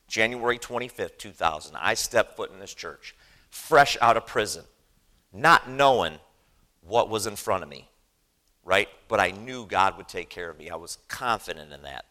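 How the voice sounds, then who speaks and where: A man's voice: on the low side, lively intonation, moderate pace, pushed and bright. A man preaching a sermon in a church, earnest and emphatic, often asking the congregation "right?". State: choked up with emotion. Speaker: lay preacher.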